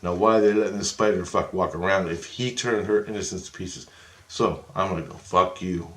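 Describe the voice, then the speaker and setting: A man's voice: deep voice, a little fast, fairly bright tone, roomy sound. A man telling a rambling first-person story with lots of swearing, agitated and jumping into the voices of people in his tale. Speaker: vlogger recounting astral travel.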